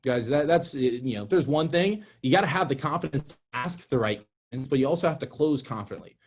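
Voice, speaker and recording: A young man giving an energetic, direct sales training talk, calling his audience "guys". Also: a little high, fast.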